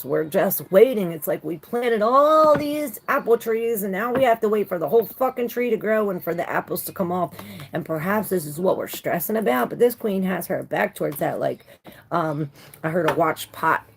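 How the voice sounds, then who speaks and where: A woman's voice: medium pitch, normal speed, gravelly, husky. A woman doing a casual live tarot reading who talks loosely, swears freely and greets viewers by name. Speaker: tarot reader.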